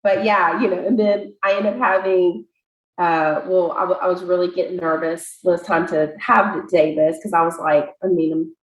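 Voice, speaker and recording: A woman guest on a podcast, telling a personal story in a chatty, animated way with many fillers. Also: lowish voice, moderate pace. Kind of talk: casual interview storytelling. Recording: echoey room.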